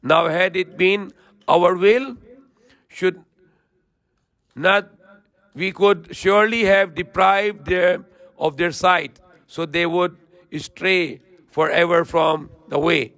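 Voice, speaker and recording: Male religious teacher, quick recitation with a high, bright voice; dry, close recording. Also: no room sound. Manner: recites verses quickly, then explains in slow plain English. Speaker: Islamic teacher. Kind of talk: Quran lesson with recitation and translation.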